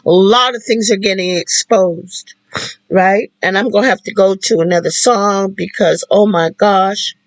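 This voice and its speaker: A livestream host talking while in tears, halting and repeating phrases. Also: mid-range voice, no echo, poor audio. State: tearful. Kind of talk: emotional spoken-word livestream talk.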